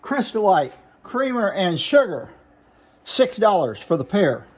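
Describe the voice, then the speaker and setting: High-voiced man listing glassware prices. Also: big pitch swings, measured pace. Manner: plain, matter-of-fact listing of items and prices. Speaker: glass seller. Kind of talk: product showcase sales talk.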